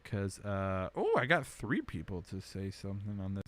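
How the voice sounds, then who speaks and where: A young man hosting a casual livestream from home, rambling with lots of fillers and bursts of animated complaint. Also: deep voice, moderate pace, dry recording. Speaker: podcast host. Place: indoors at home under a blanket.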